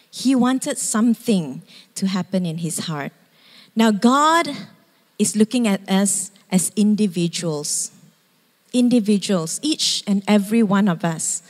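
A woman preaching a sermon, animated and asking her congregation questions, at times acting out shouting. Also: mid-range voice, slow pace. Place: church hall. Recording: reverberant church hall.

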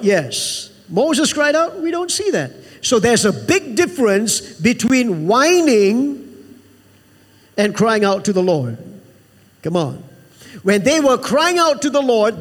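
A man's voice: extremely high pitch, very animated, measured pace, big-room sound. A man preaching a sermon to a church, emphatic and repetitive, calling out to the congregation for an amen. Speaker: pastor.

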